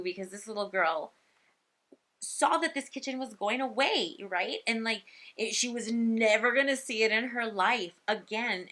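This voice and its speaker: A woman speech pathologist telling a story from her work in a casual, animated way. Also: on the high side.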